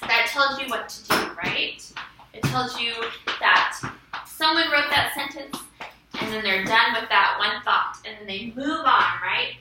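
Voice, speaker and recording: A woman with a fairly high, unhurried voice teaches children a punctuation lesson, asking patient leading questions and repeating their answers. A distant camera catches it in an echoey school classroom with faint noise.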